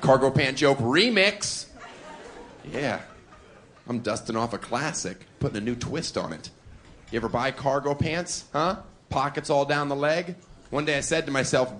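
A man doing a live stand-up routine on a comedy club stage, cheeky, with deadpan asides and chuckles at his own jokes. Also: medium pitch, normal speed, slight background noise.

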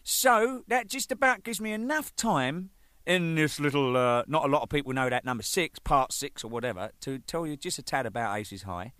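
A man, a band drummer telling anecdotes in an animated way, swearing freely and laughing at his own jokes. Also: a little high, moderate pace, no room sound. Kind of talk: anecdotal storytelling.

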